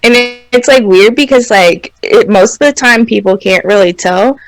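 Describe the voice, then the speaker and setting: A young woman from the Pacific Northwest chats on a casual podcast, easygoing and quick to giggle. Her voice carries a gravelly fry. The sound is dry and close. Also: mid-range voice, dry recording, faint music behind, poor audio. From Washington and Oregon. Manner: laid-back, giggly, swears casually. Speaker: co-host.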